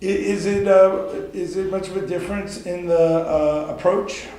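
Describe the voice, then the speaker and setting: Halting Southern US man, echoey room. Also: high voice, steady tone, warm tone, a little hiss or hum. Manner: hesitant, halting questions with fillers. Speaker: interviewer. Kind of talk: casual interview.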